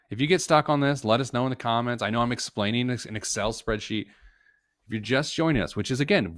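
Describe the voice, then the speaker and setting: A man's voice: medium pitch, no echo, clean studio sound. A man who is a financial planner, teaching budgeting in a casual live-stream tutorial, chatty and joking with frequent asides.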